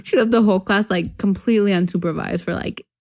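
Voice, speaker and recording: A woman's voice: mid-range voice, quick pace, a little mellow, no room sound, studio quality. A young woman from North Carolina co-hosting a podcast, telling a long, filler-heavy story in casual chat and laughing often. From North Carolina, USA. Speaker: podcast co-host.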